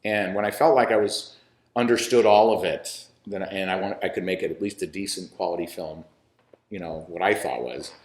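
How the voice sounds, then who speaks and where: A man's voice: low-pitched, normal speed. A man, a filmmaker and musician, chatting as an interview guest in a rambling, restarting way. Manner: rambling, with many restarts and laughs. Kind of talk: casual interview talk. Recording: roomy echo.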